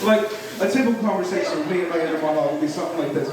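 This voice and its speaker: A young man doing self-deprecating, animated stand-up at an open mic in a small club. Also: fairly high pitch, racing, recorded from a distance, crowd noise. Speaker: comedian. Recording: echoey club, mic heard from afar.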